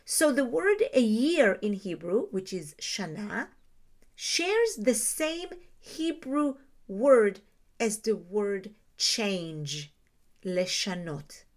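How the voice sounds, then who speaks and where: A woman's voice: a little high, sing-song, extremely slow. A woman giving a reflective teaching talk on Jewish ideas, explaining terms and asking her listeners rhetorical questions.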